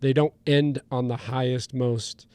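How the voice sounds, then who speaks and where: A man's voice: mid-range voice, fairly even intonation, a little slow, mellow, smooth, no room sound. A man co-hosting a casual movie podcast, animatedly retelling scenes with frequent restarts. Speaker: podcast co-host. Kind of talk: casual film discussion.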